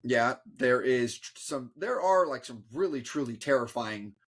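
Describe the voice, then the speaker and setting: A man in casual review chat as a podcast co-host, with a voice of middling pitch. He speaks haltingly, stopping and restarting his sentences and padding them with fillers. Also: expressive.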